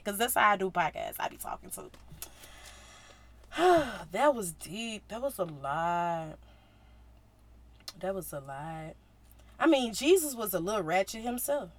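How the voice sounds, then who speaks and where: A woman hosting a casual faith podcast, talking in slang and acting out Bible scenes with big jumps in loudness. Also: fairly high pitch, dry recording. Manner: animated, slangy, acts out quotes with big swings in loudness. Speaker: podcast host.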